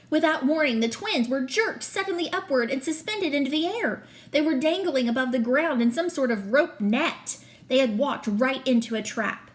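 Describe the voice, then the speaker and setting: Woman teacher reading chapter-book aloud, steady and expressive, slightly high voice. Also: normal speed.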